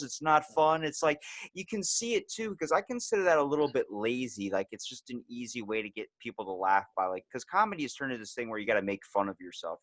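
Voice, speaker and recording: A man's voice: on the low side, a bit bright, dry recording. A man hosting a podcast, talking in loose, run-on sentences. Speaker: podcast host. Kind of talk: casual interview chat.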